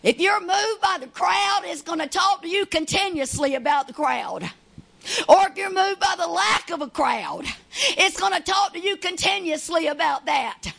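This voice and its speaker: A woman preaching and praying fervently, often shouting, peppering her words with hallelujahs and repeated "God, Lord" interjections. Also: very high voice, lively intonation, moderate pace, creaky. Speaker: lay preacher. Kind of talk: Pentecostal-style sermon and prayer.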